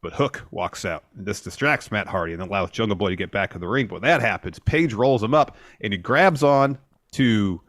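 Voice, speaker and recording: Low-voiced man recapping wrestling, dry sound. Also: a little fast, no room sound. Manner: steady play-by-play recounting. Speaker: podcast co-host. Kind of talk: casual wrestling recap chat.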